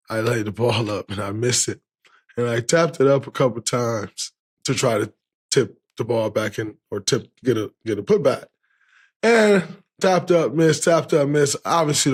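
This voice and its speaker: A man in his thirties hosting a podcast, telling a story in a casual, animated way, with lots of laughter and swearing. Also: medium pitch. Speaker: podcast host.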